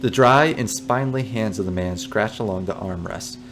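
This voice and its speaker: A man's voice: on the low side, moderate pace, noisy background. A man playing a text adventure, reading the narration aloud and adding amused, joking asides. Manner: amused, joking asides between read passages. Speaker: let's player.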